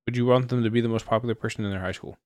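A man's voice: mid-range voice, fairly even intonation, very fast, darkish tone, no room sound. A young man hosting a podcast, firing off casual questions in a laid-back, swearing, mumbly way. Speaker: podcast host. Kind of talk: casual chat, quick-fire questions.

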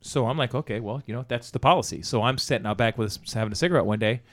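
A man's voice: mid-range voice, fast talker. A man telling a profanity-laced story about an old job in casual conversation, acting out the dialogue. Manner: profane, animated anecdote-telling with quoted dialogue.

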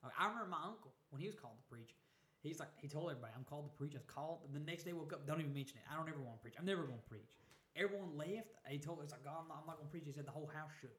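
Animated man explaining in an echoey room. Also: fairly high pitch, very fast. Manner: animated, preacher-like explaining with "you know" asides. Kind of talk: casual chat about the Bible.

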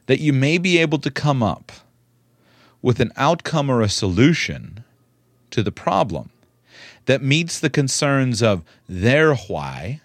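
A man giving spoken commentary in a measured, earnest way, repeating words for emphasis. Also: medium pitch, dry recording, studio quality.

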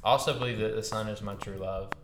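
Young male co-host, low voice, relaxed slangy chat, echoey noisy room. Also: fast. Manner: laid-back, upbeat slang talker. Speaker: podcast co-host. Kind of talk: casual chat. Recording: echoey room with background noise.

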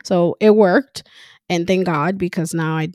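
A woman speaking in a casual monologue as a mother, frank and animated, swearing freely and laughing often. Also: lowish voice, unhurried, no echo, clean studio sound. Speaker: mother talking about parenting.

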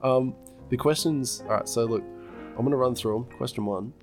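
A man's voice: mid-range voice, normal speed, a little mellow, soft background music. Young Australian man bantering on a podcast. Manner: laughs often, reads quiz questions aloud, swears casually. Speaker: podcast co-host.

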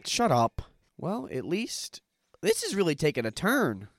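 A man on a casual podcast with a slightly high voice, loudly groaning in disgust and cursing freely. The sound is close and dry, with no room around it. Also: huge pitch swings, unhurried, no room sound. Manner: exclaims in loud disgust, swears freely. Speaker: podcast co-host. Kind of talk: casual chat.

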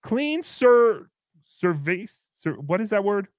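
A man hosting a comedy livestream, reading out viewer messages in a goofy, mocking way and jumping into loud cheers. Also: sits high, sing-song, slow, no room sound, studio quality. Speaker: livestream host. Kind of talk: casual comedy livestream chat.

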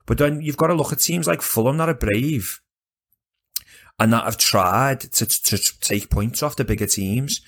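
An animated man talking football in a casual podcast chat. He swears freely, restarts his sentences and rambles on, in a voice of ordinary middle pitch. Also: normal speed.

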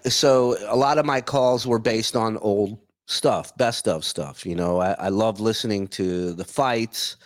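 A man's voice: fairly low pitch, no room sound, clean studio sound. A man chatting as a guest on a video call, easygoing and talkative, swearing casually. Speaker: guest, former radio show staffer. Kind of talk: casual chat.

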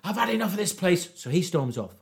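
A man's voice: high voice, quick pace, vocal fry. A man telling a rambling story in casual chat, laughing and acting out voices. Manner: animated, laughs through his stories, acts out voices.

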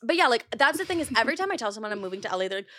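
A woman's voice: a little high, very fast. Young woman rambling on a podcast. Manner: rambling, profane, animated storytelling. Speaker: podcast host. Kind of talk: casual chat. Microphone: podcast microphone.

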